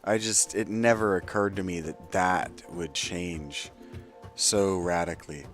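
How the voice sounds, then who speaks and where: A man streaming a game, chatting casually and rambling as he thinks aloud, swearing freely and slipping between soft whispers and louder bursts. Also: low-pitched, fairly even intonation, measured pace, faint music behind. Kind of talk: casual gaming livestream chat.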